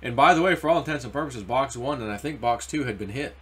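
A man's voice: mid-range voice, quick pace, husky. Rambling man talking crypto. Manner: rambling, animated, acts out quoted voices. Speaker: crypto video host. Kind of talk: casual market commentary.

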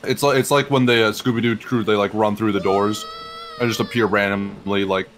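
A man's voice: on the low side, fairly even intonation, a little fast. A man joining a live game stream, bantering with jokes and mock-reading the on-screen text. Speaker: co-commentator. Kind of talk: live-streamed gameplay chat. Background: game music.

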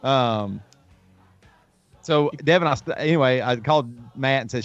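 A man's voice: medium pitch, a little slow, dry recording. A man hosting a casual show, telling stories in a rambling way with many restarts. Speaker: host. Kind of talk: casual chat. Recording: dull lo-fi stream, faint music.

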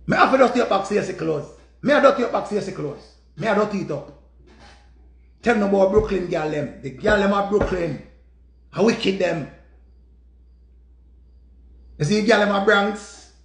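A high-voiced man with a Jamaican accent tells a story as a dramatic, repetitive rant full of curses. His voice has a gravelly, rough edge. The recording is echoey and roomy. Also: expressive, measured pace, long pauses. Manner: repetitive, profane, dramatic retelling. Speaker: vlogger.

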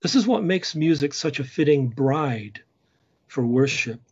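A man giving a lecture on church music, measured and explanatory, singing short chant phrases as examples. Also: fairly high pitch, expressive, darkish tone, slightly rough, muffled recording.

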